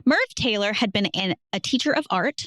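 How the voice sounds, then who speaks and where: A woman's voice: mid-range voice, animated, normal speed, a bit bright, dry recording, studio quality. A woman hosting a casual podcast, playfully telling a history story to her co-host and laughing easily.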